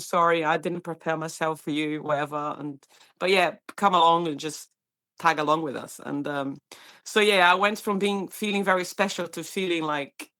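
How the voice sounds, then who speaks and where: A Brazilian woman, Portuguese her first language, recalls her work in a bright, forward voice. She talks freely in a casual interview, acting out quoted lines and laughing easily. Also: on the low side. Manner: animated storyteller, acts out quoted voices, laughs often. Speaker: paramedic guest.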